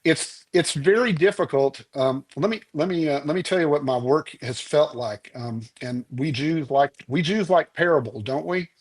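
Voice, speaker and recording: A man's voice: on the high side, moderate pace, hardly any pauses. A man, a musician guest in a podcast interview, speaking earnestly and telling stories with many restarts. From Oklahoma, US.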